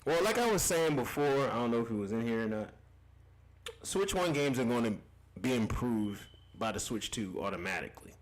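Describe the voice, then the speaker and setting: A man's voice: medium pitch, expressive, moderate pace. A young man hosting a casual gaming livestream, reading chat comments aloud, loose and profane, laughing often and repeating himself.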